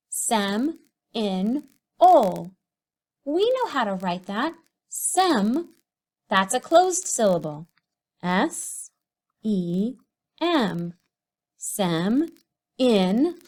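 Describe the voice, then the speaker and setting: A woman teacher giving a recorded writing lesson to young children, speaking slowly and sounding out syllables and letters. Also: sits high, a little mellow. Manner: slow, sing-song, sounds out syllables and letters.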